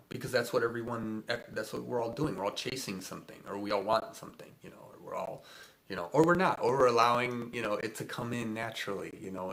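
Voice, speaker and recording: Male spiritual host, lowish voice, loose chatty delivery, lots of fillers and laughs. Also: fairly bright tone. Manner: rambling, chuckling, many fillers. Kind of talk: casual spiritual livestream talk.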